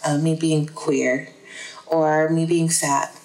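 A woman talking as a guest on a podcast, thoughtful and measured, with frequent "like" and "um" fillers. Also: sits low, level tone, a little mellow, poor audio. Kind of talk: casual interview talk.

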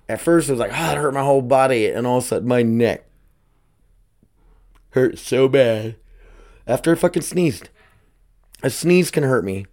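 Low-voiced rambling podcast host, a man. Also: darkish tone. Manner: rambling, swears casually, self-talk asides. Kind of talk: casual solo podcast chat. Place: home, dogs nearby. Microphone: close microphone.

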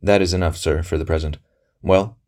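A man's voice: low voice, fairly even intonation, brisk, darkish tone, natural voice. A man reading aloud voices an old, secretive physician who speaks tersely and suspiciously. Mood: wary. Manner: terse, suspicious, flaring into scorn. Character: old wary male physician, fierce and secretive. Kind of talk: audiobook character reading.

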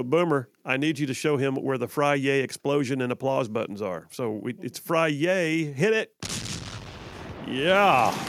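A man hosts live talk radio at a studio mic, in a chatty, joking manner. His voice sits a little high, with dry close sound and no room echo. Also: gravelly. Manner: chatty, joking, repeats himself. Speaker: radio talk show host. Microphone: studio microphone.

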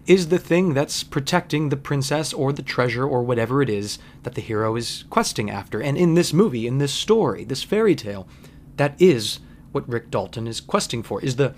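A man's voice: mid-range voice, slight background noise. A man hosting a podcast, giving a wry, conversational film commentary monologue with frequent asides. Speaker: podcast host.

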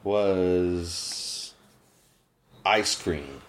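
Speaking very slowly in a low register, a man hosting a podcast works himself up during a casual rant. Indignation makes his voice rise sharply in this animated chat.

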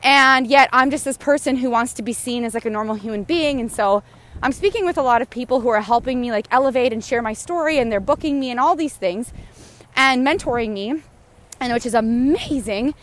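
A woman's voice: a little high, a little fast, fairly bright tone. A woman talking casually outdoors while she walks, rambling and frustrated, swearing freely. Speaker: podcast host. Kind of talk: casual spoken monologue. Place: outdoors, walking near a goose.

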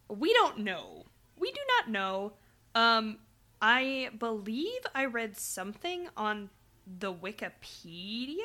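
Brief: American woman co-host, bright-toned, playful and giggly chat. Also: fairly high pitch. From United States. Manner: playful, giggly, animated retelling. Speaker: podcast co-host. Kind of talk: casual chat.

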